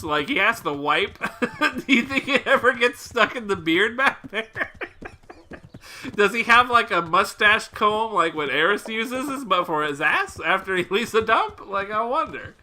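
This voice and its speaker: Giggly streamer with a bright, lively voice. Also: mid-range voice, a little hiss or hum. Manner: giggly, breaks into long laughing fits; profane, playful. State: laughing to tears. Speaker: livestreamer. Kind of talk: live gameplay commentary.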